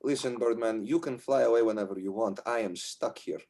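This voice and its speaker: A man's voice: medium pitch, brisk, mellow, lightly acted. A man voicing a sulky young barmaid. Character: bored young woman barkeep, restless, sulky.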